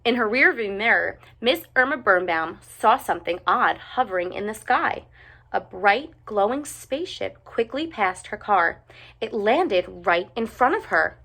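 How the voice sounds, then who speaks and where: A woman reading a picture book aloud with expressive, animated narration. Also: mid-range voice, a little slow. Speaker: storyteller.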